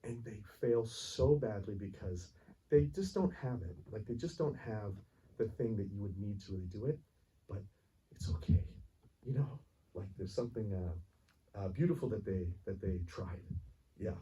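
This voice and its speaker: A man's voice: on the low side, lively intonation, moderate pace, warm tone. A man answering audience questions after a screening, rambling and earnest, with many restarts and frequent laughs. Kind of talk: casual Q&A answer, storytelling. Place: cinema theater with audience. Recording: distant voice, faint noise, live audience room.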